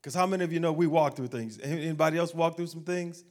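Conversational preacher with a lively delivery. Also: male voice, fairly high pitch, fast. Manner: conversational preacher, asking the crowd questions and acting out everyday voices. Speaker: pastor. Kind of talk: sermon.

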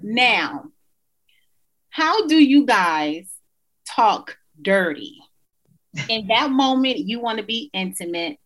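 A woman's voice: fairly high pitch, lively intonation, slow, long pauses, a bit bright, rough recording. A woman in her thirties hosting a podcast, telling stories and laughing in casual chat. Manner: chatty, laughing, playful storytelling. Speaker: podcast host.

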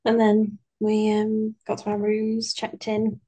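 A young woman from the UK co-hosts a laid-back podcast. She chats her way through her week and pads it with plenty of ums and little asides. Her pitch sits in the middle range for a woman. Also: completely flat delivery, slow pace, a crowd in the background. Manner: chatty, rambling with many fillers. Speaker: podcast co-host. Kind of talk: casual chat.

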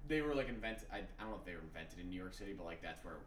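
A man's voice: low-pitched, lively intonation, very fast. A young man co-hosting a podcast in casual chat, rambling and full of fillers. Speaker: podcast co-host. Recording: roomy, distant mic, faint background noise.

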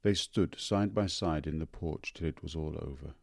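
A man narrating an audiobook of a short story in a measured, unhurried manner. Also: a bass voice, vocal fry, no room sound, clean studio sound.

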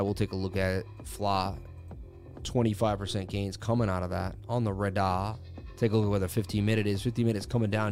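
A man's voice: on the low side, darkish tone. A man hosting a live crypto chart stream, chatting casually and joking with viewers in slangy speech. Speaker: crypto chart analysis livestream host. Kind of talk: casual live market commentary.

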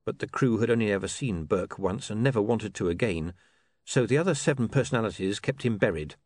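A man narrating an audiobook in a wry, lively storytelling manner. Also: fairly low pitch, a little fast, slightly rough, no room sound, clean studio sound.

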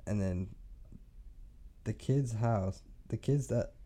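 A man's voice: fairly low pitch, slow pace, mellow. A young man telling a rambling, profane story on a podcast, laughing often. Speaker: podcast host. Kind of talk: casual storytelling.

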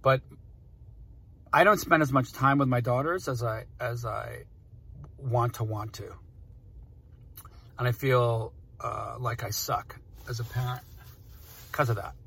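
A man's voice: medium pitch, fairly even intonation, slow, creaky, long pauses, fairly bright tone, a little hiss or hum. A man in his forties rambling through personal stories in casual talk, emotional and often cutting himself off. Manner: rambling, emotional, self-interrupting.

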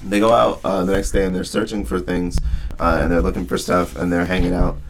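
A man co-hosting a casual book discussion, retelling scenes in a relaxed, rambling way with lots of filler words. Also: low voice, brisk, slight background noise. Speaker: podcast co-host.

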